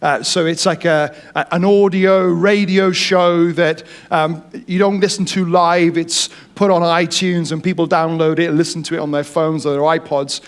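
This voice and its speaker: Man, high voice, sermon, animated, jokey, storytelling. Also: normal speed, hardly any pauses, smooth. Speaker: pastor.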